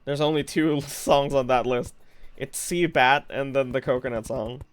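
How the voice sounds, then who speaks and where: A man's voice: medium pitch, steady tone, normal speed, clear, resonant tone, no room sound. A young man streaming live, chatting playfully with his viewers and laughing often. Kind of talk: casual live-stream chat.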